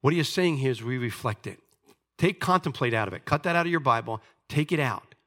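A man delivering a sermon as pastor, earnest, rising to emphasis and dropping to soft asides. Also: medium pitch, expressive, fairly quick.

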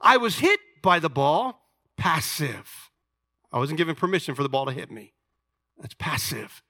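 A man preaching a sermon, explaining scripture with lively asides and questions to the congregation. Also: fairly high pitch, moderate pace, no room sound, clean studio sound. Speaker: pastor.

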